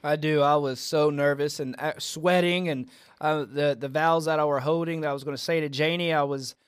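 A man's voice: a little high, fairly even intonation, a little fast, clear, resonant tone, no room sound, studio quality. A man co-hosting a faith podcast, affirming his partner and chuckling often as he shares stories. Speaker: podcast co-host. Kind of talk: casual faith podcast chat.

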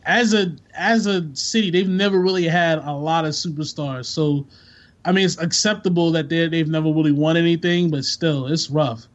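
A man's voice: a little high, steady tone, moderate pace. A man chatting casually about sports on a podcast, laid-back and slangy, rambling from one thought to the next. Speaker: podcast co-host. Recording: dull lo-fi sound.

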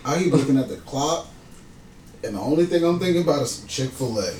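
Male co-host, lively pitch, off-mic in an echoey room with others. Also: fast, distant mic, slight background noise. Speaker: podcast co-host. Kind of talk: casual chat.

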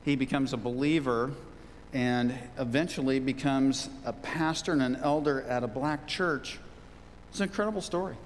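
A man's voice: mid-range voice, normal speed, big-room sound, slight background noise. A man preaching a sermon as a pastor, emphatic, repeating key phrases for stress.

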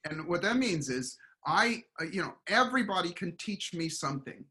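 Bright, lively motivational man. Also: high voice, moderate pace. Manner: animated storyteller, acts out voices in quotes. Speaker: guest, performance coach. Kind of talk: casual motivational interview talk.

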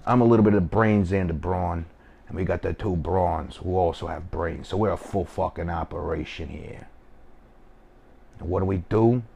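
A man's voice: low-pitched, normal speed, vocal fry, dark tone, slight background noise. A man putting on a swaggering, profane New York gangster manner with a put-on New York accent while telling a story at home. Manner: profane, boastful, rambling. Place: home kitchen.

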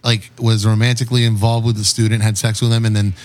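A man's voice: fairly low pitch, level tone, fast, darkish tone. A man co-hosting a casual podcast, telling stories with many "like" fillers and a wry tone. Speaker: podcast co-host.

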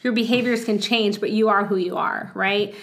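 A woman's voice: mid-range voice, fairly even intonation, moderate pace, fairly bright tone. A woman in her thirties in casual chat as a podcast co-host, talking with lots of "like" and acting out quoted voices. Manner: chatty, full of "like", acts out quoted voices.

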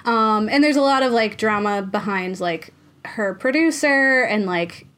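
A woman's voice: medium pitch, unhurried, fairly bright tone. A woman hosting a podcast in a chatty, casual manner, laughing often and using many fillers. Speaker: podcast host. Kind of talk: casual chat.

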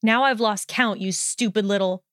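A woman reading the part of a hostile young man, snide and contemptuous, with a smooth, dry voice. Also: mid-range voice, normal speed, no room sound, lightly acted. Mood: snarling. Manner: snarling, contemptuous, swearing.

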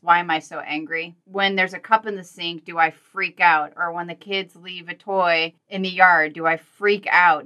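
A woman speaks as a podcast guest, explaining earnestly and calmly. Her voice is bright and rather low in pitch. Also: smooth. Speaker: guest, wife of the veteran. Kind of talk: podcast conversation.

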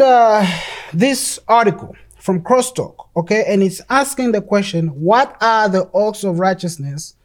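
A preacher delivering a sermon with emphatic delivery who repeats words while restarting sentences and reads passages aloud. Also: medium pitch.

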